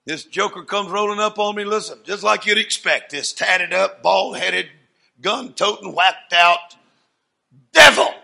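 A man preaching a sermon as a dramatic story, swinging from hushed asides to loud declarations. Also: high-pitched, measured pace, creaky.

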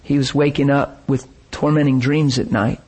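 A man's voice: mid-range voice, steady tone, normal speed, darkish tone. A middle-aged man preaching a sermon, telling stories in an emotional, emphatic way.

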